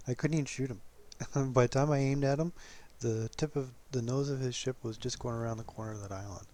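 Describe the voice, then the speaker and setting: A man giving relaxed, casual commentary over his own gameplay footage, chuckling often and poking fun at himself. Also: medium pitch, fairly quick.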